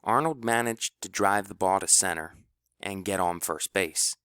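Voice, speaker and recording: A man narrating an audiobook with expressive storytelling. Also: low-pitched, a little slow, smooth, no room sound, studio quality.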